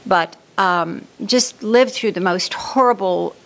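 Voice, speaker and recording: A woman's voice: medium pitch, slow, a bit bright. A woman in her seventies, born in Germany and raised in New York, unhurriedly telling her life story as an interview guest. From born in Germany, raised in the Bronx, New York. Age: 70s.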